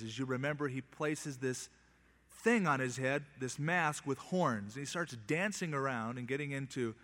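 A man's voice: mid-range voice, a bit bright, long reverb tail. A male preacher teaching from the Bible, reading scripture and retelling it in plain, wry modern terms.

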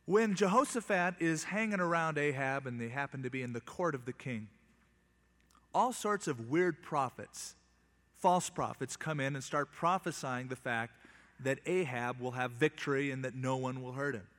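A man's voice: medium pitch, normal speed, a bit bright. Man preaching with hall reverb. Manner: reads scripture then retells it in plain, wry modern terms. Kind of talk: casual Bible teaching.

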